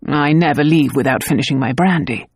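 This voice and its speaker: Woman voicing a brusque lord, curt and lowered. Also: fairly quick, breathy edge, dry recording, clean studio sound. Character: blunt, guarded aristocratic widowed father, a lord.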